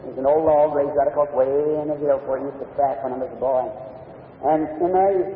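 Folksy preacher in a distant echoing hall. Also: male voice, fairly high pitch, a little hiss or hum. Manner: folksy, plain-spoken storytelling. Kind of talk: storytelling sermon. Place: large meeting hall with an audience. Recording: old lo-fi tape from far off in an echoey hall.

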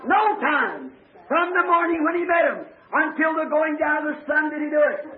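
A man preaching an impassioned revival sermon, often breaking into shouts. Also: very high-pitched, animated, normal speed, a loud crowd, heavy background noise. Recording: echoey lo-fi tape, tinny like a phone.

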